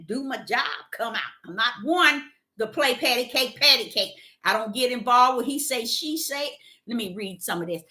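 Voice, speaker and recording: A middle-aged woman, telling a workplace story in a casual, animated vlog with loud acted-out quotes. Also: a little high. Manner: animated, exclaiming, acts out quotes loudly.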